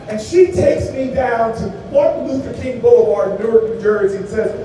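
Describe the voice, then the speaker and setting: A man's voice: very high-pitched, a little fast, few pauses, noisy background. A man in his forties giving a campaign rally speech with a preacherly, rhythmic storytelling delivery. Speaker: political candidate. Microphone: far from the mic. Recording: echoey hall from far off, faint ambience.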